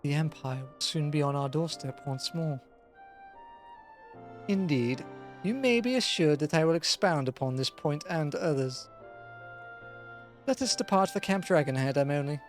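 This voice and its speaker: A man's voice: on the high side, normal speed, pauses often, soft background music, natural voice. A man voicing a pompous young male noble scholar in a nasal voice, reading game dialogue aloud with lofty, formal phrasing.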